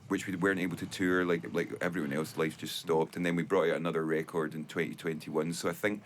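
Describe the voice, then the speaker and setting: Scottish musician, middle-aged, very low voice, chatty and easygoing, faint background noise. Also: male voice, flat delivery, fast. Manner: chatty storyteller, laughs easily. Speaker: band member, singer and guitarist. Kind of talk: casual interview chat.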